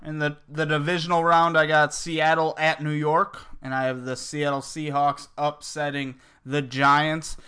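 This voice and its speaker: A man on a casual sports podcast panel with a bright, crisp voice pitched a little high. He gives his picks briskly and to the point. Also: level tone.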